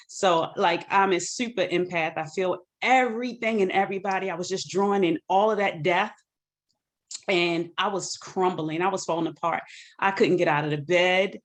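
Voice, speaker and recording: A woman's voice: on the low side, fairly even intonation, moderate pace. A woman author giving an earnest personal testimony about grief on a video call, sometimes quoting scripture. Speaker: guest author.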